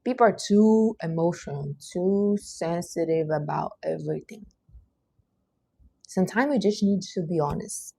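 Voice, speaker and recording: A woman's voice: lowish voice, measured pace, vocal fry, mellow, husky. A woman from Brazil, hosting a casual livestream in a blunt, emphatic, motivational way. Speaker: livestream host.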